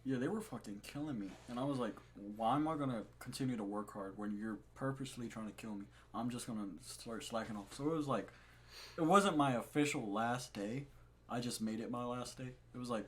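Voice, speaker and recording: Young man telling a profane work story. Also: medium pitch. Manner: profane, laughing, animated retelling. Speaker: podcast co-host. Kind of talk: casual storytelling chat. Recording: faint background noise.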